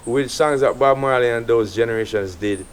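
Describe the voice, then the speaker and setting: A middle-aged Jamaican man, an artist as guest, telling stories in a relaxed casual interview. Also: mid-range voice, normal speed, a little hiss or hum. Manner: relaxed, animated storytelling with quoted voices.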